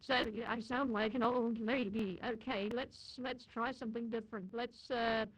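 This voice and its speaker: A man's voice: very high voice, fairly even intonation, moderate pace, fairly bright tone, pitched above the performer's own voice, poor audio. A man on a live stream using a voice changer that makes him sound like an older woman, chatting as he tests it. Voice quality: staticky. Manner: chatty, self-checking. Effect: voice changer making him sound like an older woman.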